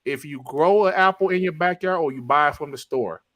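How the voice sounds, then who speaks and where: A man's voice: a little high, fairly quick, a bit bright. A man on a casual gaming podcast, ranting animatedly and hammering his points with repeated one-word punchlines. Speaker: podcast panelist.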